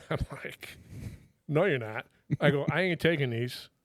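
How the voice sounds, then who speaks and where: A man's voice: on the high side, unhurried, dry recording, studio quality. A middle-aged man, a retired federal agent, telling stories casually and animatedly, swearing freely and acting out what others said. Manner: animated, swears freely, quotes people in their own voices. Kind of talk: casual storytelling.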